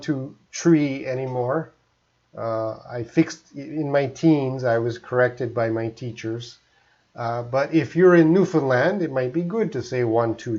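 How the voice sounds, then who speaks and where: A middle-aged Canadian man with a Canadian English accent, teaching English on a live stream in a relaxed, explanatory way. His voice sits in an ordinary middle pitch. The audio is a bit dull and lo-fi. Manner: chatty and explanatory, often answering viewers' questions.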